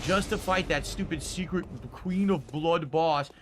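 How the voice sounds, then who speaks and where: A man's voice: on the high side, unhurried, a loud crowd. A man playing a video game on stream, grumbling and swearing in exasperation as he complains. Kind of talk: profane gameplay complaining. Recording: restreamed audio with loud background noise.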